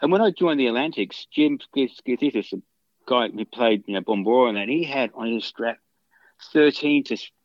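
A man's voice: mid-range voice, expressive, normal speed, no room sound, dull audio. A man, a guitarist, telling long casual anecdotes in an interview, full of restarts and fillers. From Australia. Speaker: guitarist guest.

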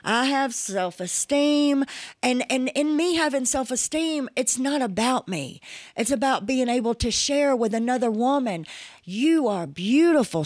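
A woman's voice: fairly high pitch, dry recording, studio quality. A woman in her forties hosting a personal podcast monologue, speaking candidly and emphatically with casual swearing. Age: 40s. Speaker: podcast host.

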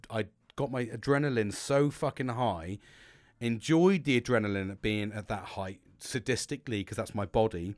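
A man's voice: fairly low pitch, no room sound, studio quality. A man hosting a podcast, telling a rambling, sweary story in a casual monologue. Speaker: podcast host.

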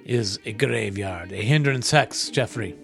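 A man's voice: lowish voice, measured pace, creaky, faint music behind. A man co-hosting a podcast, playfully quizzing his friend on board game rules in casual chat. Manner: playful, teasing quizmaster. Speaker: podcast co-host.

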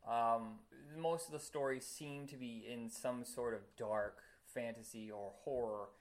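A man's voice: medium pitch, fairly even intonation. Chatty man with lots of fillers. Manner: rambling, quick to laugh, lots of fillers. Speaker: podcast co-host. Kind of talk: casual chat.

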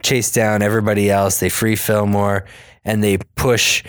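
A man's voice: on the low side, flat delivery, normal speed, smooth, no room sound. A man casually recapping a cartoon episode, swearing freely and acting out the characters' lines with lots of energy. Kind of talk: casual chat.

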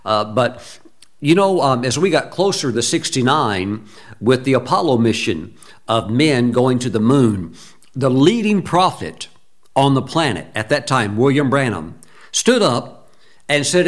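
A man's voice: mid-range voice, lively intonation, normal speed. A man preaching a sermon, telling stories animatedly with laughs and sudden exclamations. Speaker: pastor.

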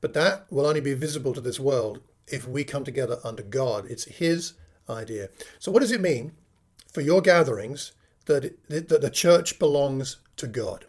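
A man preaching a sermon, teaching from scripture with measured emphasis and many rhetorical questions. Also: medium pitch, lively intonation, breathy edge. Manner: measured, slows to stress key phrases, rhetorical questions.

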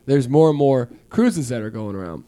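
A man's voice: medium pitch, expressive, moderate pace, warm tone. A man co-hosting a podcast in casual chat, telling stories and laughing often. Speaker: podcast co-host.

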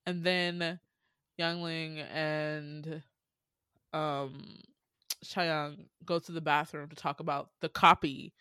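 A woman chatting casually as a podcast co-host, recapping a TV drama in a lively way and acting out the characters' lines. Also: deep voice, no echo. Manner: animated, acts out character lines.

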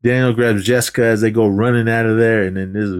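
A man's voice: on the low side, steady tone, fast, clean tone. A man casually recapping a movie on a podcast, rambling and acting out the characters' lines. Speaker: podcast co-host.

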